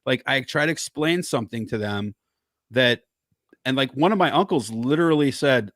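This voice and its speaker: A man's voice: medium pitch, lively intonation, normal speed, fairly bright tone, dry recording, clean studio sound. A man on a podcast, telling a story in heated, profane casual chat.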